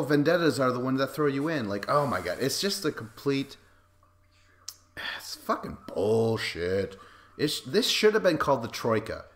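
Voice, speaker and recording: A man's voice: on the low side, fairly bright tone. A man hosting a podcast, giving casual, sarcastic commentary over a video and swearing freely. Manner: sarcastic, profane, frequent laughs.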